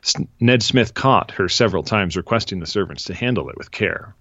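Deep-voiced man reading aloud. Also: fairly quick, a bit bright, no room sound, muffled recording. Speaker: podcast host. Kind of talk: casual chat and reading aloud.

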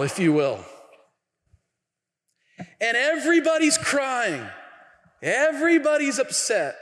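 A man's voice: sits high, fairly bright tone. A man preaching a sermon as pastor, telling stories animatedly with acted quotes and a casual, filler-heavy delivery. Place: church sanctuary. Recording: long church hall reverb.

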